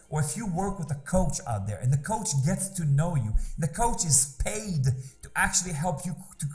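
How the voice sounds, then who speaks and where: A man's voice: a little high, darkish tone. A man speaking as a business mentor in an emphatic motivational talk, repeating rhetorical questions to drive points home.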